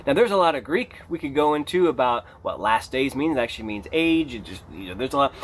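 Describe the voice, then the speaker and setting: Male pastor preaching off the cuff, expressive delivery with big pitch swings, faint hiss behind. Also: quick pace. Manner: animated, emphatic, rising to a near shout on key points. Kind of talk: unscripted sermon.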